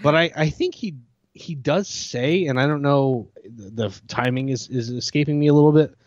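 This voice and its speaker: Male host, mid-pitched, low-key dry wit, casual movie talk, slightly dull lo-fi sound. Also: moderate pace, no room sound. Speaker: podcast host. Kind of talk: casual podcast chat. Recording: slightly muffled lo-fi audio.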